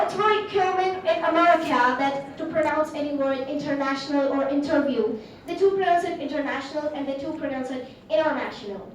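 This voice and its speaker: A teenage girl with an Indian English accent giving an earnest speech to an audience in a large hall, with frequent fillers. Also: high voice. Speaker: student speaker. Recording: echoey hall from far off.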